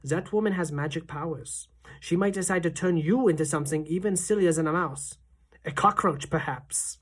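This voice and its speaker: A woman doing a calm old grandmother. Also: deep voice, breathy edge. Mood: wry. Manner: calm, measured, unhurried.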